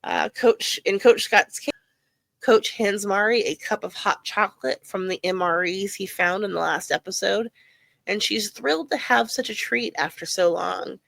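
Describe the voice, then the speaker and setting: A woman's voice: medium pitch, normal speed, creaky, fairly bright tone, no echo. A woman podcast host reading a scripted episode recap with dry, sarcastic asides.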